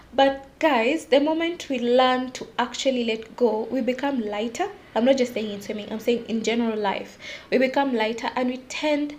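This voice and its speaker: A young woman hosting a casual solo podcast, confiding and animated, often laughing at herself. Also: a little high. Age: young adult. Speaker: podcast host.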